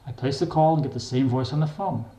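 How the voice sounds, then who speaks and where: An older man reads his own memoir aloud in a plain, wry, unhurried way. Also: mid-range voice, dark tone. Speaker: memoir reader. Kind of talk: memoir narration. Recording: echoey room.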